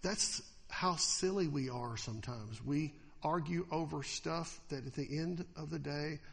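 Male pastor, animated sermon delivery, fairly high voice, long reverb from the hall. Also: a little slow, creaky. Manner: animated, acts out quoted attitudes in mocking voices.

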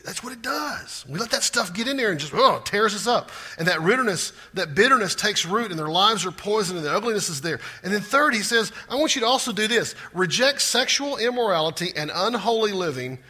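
A man preaching a sermon, swinging from loud repeated emphasis to hushed asides. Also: high-pitched, lively intonation, brisk, few pauses. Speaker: pastor.

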